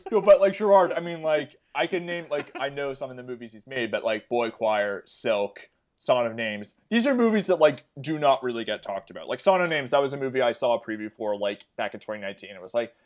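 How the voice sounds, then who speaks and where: Podcast guy, mid-pitch voice, rambles with lots of likes and i mean. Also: expressive, brisk. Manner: rambling, many fillers and hedges. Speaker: podcast co-host. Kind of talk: casual film podcast chat.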